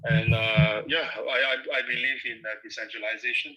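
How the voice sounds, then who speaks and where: A man hosting a casual audio chat, talking haltingly and repeating his words as he restarts. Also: medium pitch, flat delivery, sharp tone, rough recording.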